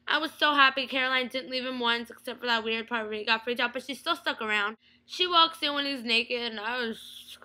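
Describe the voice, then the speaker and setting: A woman's voice: on the high side, low-quality recording. Gushing young woman fan reviewer. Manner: gushing, excitable, lots of "like" and "oh my God". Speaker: TV episode reviewer. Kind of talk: casual fan review vlog.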